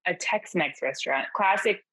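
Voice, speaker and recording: A woman's voice: lowish voice, moderate pace, a bit bright, breathy edge, no room sound, poor audio. A woman co-hosting a podcast from a house, chatting casually with a wry humor and frequent laughter. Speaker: podcast co-host. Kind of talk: casual comedic chat. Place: house in New Orleans.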